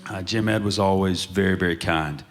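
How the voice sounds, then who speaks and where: A man telling lively stories as a panel guest on a museum stage, often laughing as he gets to the punchline. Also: low voice, brisk. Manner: storytelling, laughs through punchlines. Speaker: panel guest, country singer. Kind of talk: animated anecdote telling.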